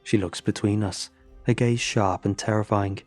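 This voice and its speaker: A man's voice: on the low side, steady tone, moderate pace, darkish tone, no room sound, soft background music. A man narrating a first-person horror story in an earnest, tense way.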